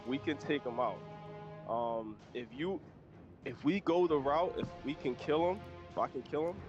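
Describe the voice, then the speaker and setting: A man's voice: medium pitch, moderate pace, over music. Hesitant player man on a dull mic. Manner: hesitant, stops and restarts with many fillers. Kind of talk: playing a tabletop game.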